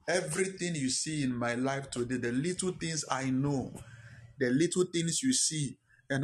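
A man's voice: medium pitch, normal speed. A man preaching a sermon as pastor, emphatic, repeating key lines and firing rhetorical questions at the congregation. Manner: fires rhetorical questions at listeners.

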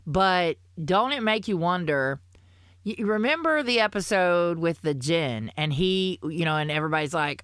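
A woman co-hosting a podcast in casual chat, rambling and halting with many restarts, swearing freely. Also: lowish voice, animated, fairly bright tone, clean tone, no room sound, clean studio sound. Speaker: podcast co-host.

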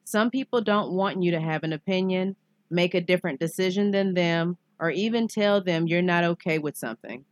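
A woman's voice: lowish voice, fairly quick, no echo. A woman co-hosting a podcast, blunt and frank, swearing freely. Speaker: podcast co-host. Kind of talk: casual chat.

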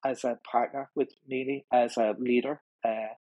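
A middle-aged Irish man speaking candidly as an interview guest in a studio, often halting and repeating words as he restarts. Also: mid-range voice, flat delivery, warm tone, no echo, dull audio. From Ireland.

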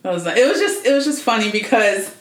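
A woman's voice: medium pitch, lively intonation, fairly quick. Woman, casual chat, slangy storyteller, roomy sound. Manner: chatty storyteller, frequent laughter, slangy. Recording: roomy echoey room.

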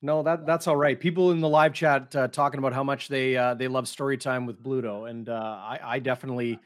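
A man, a sports reporter co-hosting a casual chat, analytical and quick to cut in. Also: medium pitch, fairly even intonation, dry recording, clean studio sound.

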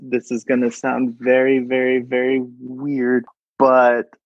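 A man from Saudi Arabia, a guest in a casual interview, telling stories in an animated way, laughing often and acting out other people's voices. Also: mid-range voice, takes it slowly, no echo, highs cut off.

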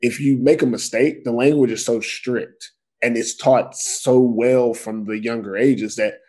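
An American man talking casually in a podcast chat. He is relaxed and talkative, explains his points at length, and drops in easygoing slang. His pitch sits in a middle range for a man. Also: unhurried.

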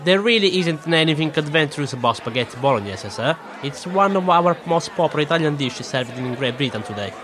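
A man's voice: a little high, lively intonation, brisk, few pauses, crowd noise, lightly acted. A man playing a patient restaurant waiter who speaks slightly broken English. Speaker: waiter in a sketch.

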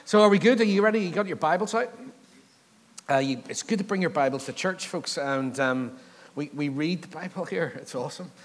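A man's voice: a little high, a little fast. A man, preaching a casual sermon, joking and asking the congregation questions. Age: 30s. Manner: chatty, joking, asks the crowd questions. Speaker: pastor. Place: church hall. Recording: long hall reverb.

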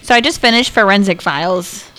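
A woman co-hosting a casual movie watch-along, chatty and quick to laugh. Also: mid-range voice, a bit bright. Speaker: co-host.

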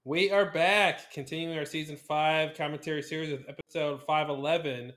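A man's voice: fairly high pitch, fairly even intonation, a bit bright. A man co-hosting a podcast in casual chat, joking around with puns and poking fun at himself. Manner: jokey, punning, quick to self-mock. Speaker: podcast co-host.

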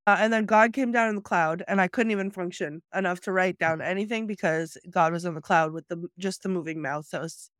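Animated woman retelling movie scenes. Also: fairly low pitch, fairly quick, few pauses, no room sound, studio quality. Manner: animated, acts out quoted movie lines while retelling. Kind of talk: casual chat about a movie.

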